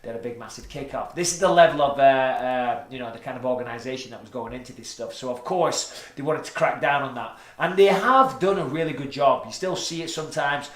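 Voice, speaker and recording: A man's voice: medium pitch, fairly quick, hardly any pauses, fairly bright tone, roomy sound. A man hosting a podcast, chatting casually, joking and swearing a lot. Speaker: podcast host. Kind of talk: casual chat. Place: studio room with lighting setup.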